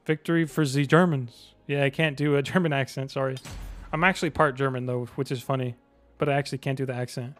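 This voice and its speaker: A young man streaming a game live, chatting to viewers in slang and bursting into excited yells. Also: mid-range voice, quick pace, soft background music.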